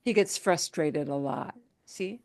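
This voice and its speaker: A woman's voice: on the low side, measured pace, gravelly, a little mellow. A woman teaching a language class, explaining patiently with examples and frequent check-ins. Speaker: Spanish teacher. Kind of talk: class lesson.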